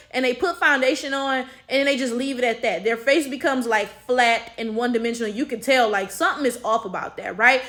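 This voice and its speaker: Speaking in a high-pitched, sharp tone, an American woman with an African American English accent delivers opinion commentary as a vlogger. She's blunt, exasperated, and swears without restraint.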